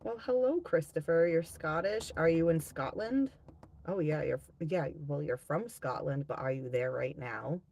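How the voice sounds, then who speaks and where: A woman's voice: deep voice, unhurried, vocal fry, darkish tone. A woman hosting a live tarot-reading stream, chatting casually with viewers, reading out their comments and swearing freely.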